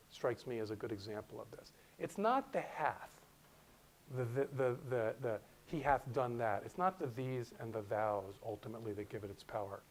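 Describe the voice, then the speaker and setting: A middle-aged man giving a conversational university lecture, often restarting his phrases and reading quotations aloud slowly. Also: mid-range voice, a little mellow, rough recording.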